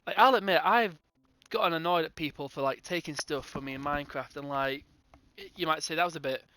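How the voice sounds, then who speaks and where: A young man with a bright, somewhat high voice tells a rambling storytime about a gaming server. He slips in and out of quoted dialogue, playing himself and the other players as he goes. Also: fairly quick, a little hiss or hum. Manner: rambling, acts out both sides of conversations in quotes. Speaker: gaming channel host. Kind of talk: casual storytime narration.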